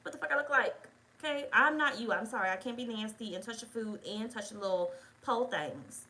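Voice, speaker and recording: A woman's voice: fairly high pitch, lively intonation, fairly quick, sharp tone, rough recording. A woman telling a rambling story time in casual chat, blunt and full of swearing. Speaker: tarot reader.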